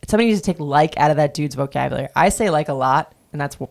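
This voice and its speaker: Low-voiced woman ranting on a podcast. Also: fast, hardly any pauses. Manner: blunt, ranting, swears freely. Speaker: podcast host. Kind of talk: casual podcast chat.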